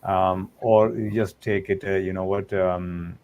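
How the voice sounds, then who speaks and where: A male talk show host poses a question hesitantly, searching for his words. His voice is very deep and level, and he speaks slowly. The sound is dull and lo-fi. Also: little pitch movement, a little mellow. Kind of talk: interview questions.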